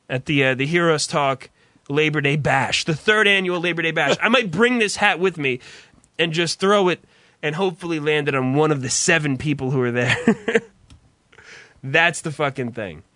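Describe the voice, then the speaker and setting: A man's voice: on the high side, bright, forceful tone, no room sound. A young man hosting a podcast in casual chat, swearing and laughing often. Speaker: podcast host.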